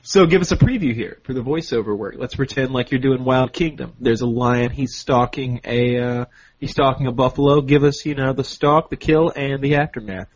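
A man's voice: mid-range voice, moderate pace, highs cut off. A man co-hosting a podcast, chatting casually, enthusiastic and pushy, swearing freely. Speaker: podcast co-host. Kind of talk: casual chat.

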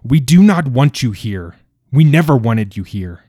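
A man's voice: sits low, animated, measured pace, mellow, breathy edge, no echo, clean studio sound, exaggerated voice. A man voicing a grieving, furious townsman whose voice is raised, raw and breaking. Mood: grief-stricken. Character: grieving angry townsman, a father.

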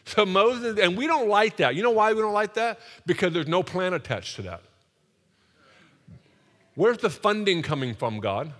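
A man preaching a sermon in a church, energetic and joking, leading the congregation to repeat phrases after him. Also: high-pitched, moderate pace. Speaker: pastor. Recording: long reverb of a large hall.

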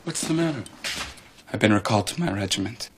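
An actor playing an indignant young officer with a husky voice. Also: male voice, on the low side, animated, fast, noisy background, natural voice.

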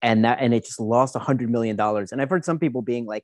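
A man's voice: medium pitch, quick pace, darkish tone, no echo. A man in casual podcast chat, rambling and profane, often acting out what other people said.

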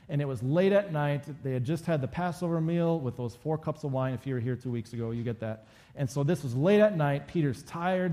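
A man's voice: on the high side, a little mellow. A male pastor giving a conversational sermon and acting out quoted lines from the story.

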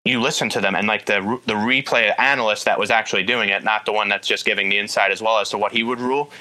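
A man chatting casually about football, retelling events quickly with lots of quoted asides. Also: on the low side, rough recording. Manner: rapid, animated retelling with many "he's like" quotes. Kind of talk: casual sports chat.

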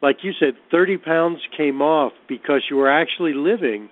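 A man's voice: a little high, normal speed. A man hosting a radio interview, thoughtfully summing up a guest's point for the listeners. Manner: reflective, stresses points for listeners. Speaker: radio show host. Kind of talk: interview commentary. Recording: tinny dry phone line.

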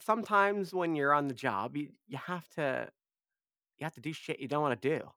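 Sarcastic man with a lively pitch. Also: moderate pace, dry recording, clean studio sound. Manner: sarcastic, teasing. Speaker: player. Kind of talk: casual role-play banter.

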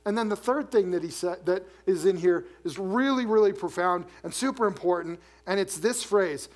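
A man preaching a sermon as pastor, animated, dropping low and soft to read scripture. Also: normal speed, few pauses.

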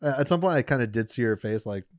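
A young man in casual chat, telling a story with lots of laughter and squeaky voices for the people he quotes. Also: expressive, fast, no room sound, clean studio sound.

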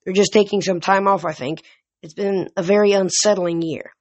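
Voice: medium pitch, steady tone, normal speed, a little mellow, no echo, lo-fi sound, natural voice. A reader voicing a blustering old satyr. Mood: flustered. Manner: pompous, huffy and flustered. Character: fussy, blustering, very old fat male satyr. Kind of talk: audiobook reading.

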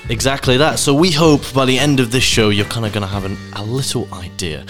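A man's voice: mid-range voice, fairly quick, fairly bright tone, faint music behind. A man from Scotland with an English-sounding accent, co-hosting a cricket podcast with upbeat enthusiasm. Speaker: podcast co-host. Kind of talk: casual sports chat.

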